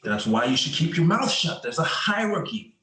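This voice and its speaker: A man's voice: fairly low pitch, big pitch swings, fairly quick. A man reading the part of a sarcastic, combative young police officer in a play reading over a video call. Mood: bickering. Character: young male cop, sarcastic and proud. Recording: roomy echo on the voice.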